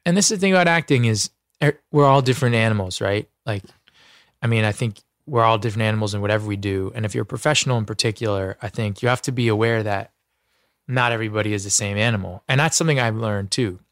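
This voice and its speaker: A man's voice: lowish voice, quick pace, fairly bright tone, dry recording, clean studio sound. A man speaking as an actor guest in a casual interview, earnest and heartfelt, often restarting his sentences. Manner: earnest, heartfelt, full of restarts and "you know".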